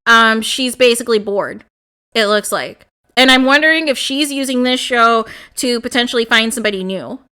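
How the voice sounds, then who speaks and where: A young woman giving casual, animated reaction commentary on a reality show, exclaiming and laughing as she talks. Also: a little high, smooth.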